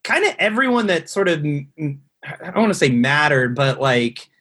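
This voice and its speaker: A man's voice: a little high, big pitch swings, moderate pace, fairly bright tone. A man casually telling a long, rambling story on a podcast, swearing often and full of fillers. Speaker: guest telling a tour story.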